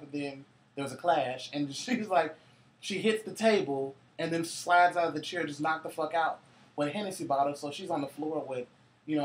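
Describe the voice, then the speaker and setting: Laid-back man telling profane family stories. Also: on the high side. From Cincinnati, US. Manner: loose, profane, laughing anecdotes. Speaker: co-host. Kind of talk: casual storytelling chat.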